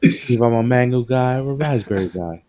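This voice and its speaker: A man's voice: mid-range voice, fairly quick, dark tone. A young man co-hosting a podcast in a casual, laid-back, slangy chat, laughing often. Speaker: podcast co-host.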